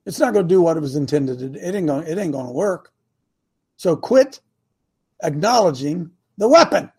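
This older man hosts a call-in show and talks like a preacher. His voice sits high with a husky edge, and he pushes his points with repeated rhetorical questions. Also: sing-song, moderate pace, pauses often, darkish tone. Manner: emphatic, rhetorical questions, sermon-like. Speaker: talk show host.

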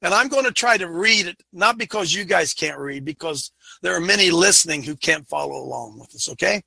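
Preaching on his talk show, this man has a high, piercing, very bright voice with vocal fry, delivered briskly and expressively. He's fervent and heavily emphatic, sometimes yelling, and the sound is close and dry.

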